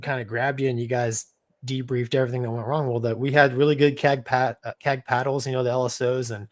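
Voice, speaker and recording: Fast-talking at a medium pitch, a middle-aged man who used to be a Navy fighter pilot tells a casual story as co-host of a live show. He keeps it lively, laughs mid-sentence, and leans on "man" and "dude."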